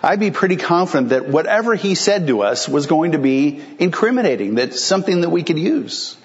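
A man's voice: a little high, big pitch swings, fairly quick, highs cut off. A male pastor preaching a sermon in a conversational, explanatory way, asking rhetorical questions and answering them.

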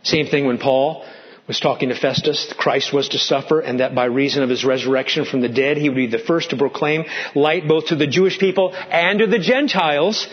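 A man preaching a sermon as pastor, animated and swinging between loud and hushed, sometimes asking the congregation questions. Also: fairly high pitch, fairly quick, muffled recording.

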